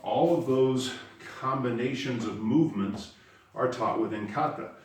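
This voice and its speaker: A man's voice: medium pitch, measured pace, a little hiss or hum. A man teaching karate, explaining step by step and stressing the key words. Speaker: karate instructor. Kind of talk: spoken lesson. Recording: very echoey room, voice far from the mic.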